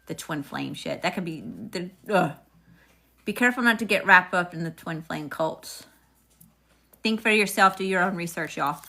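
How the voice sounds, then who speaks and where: A woman's voice: lowish voice, normal speed, gravelly, pushed and bright. A woman doing a live tarot reading, chatting with viewers and calling out upbeat greetings. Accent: regional accent, unnamed. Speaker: tarot reader.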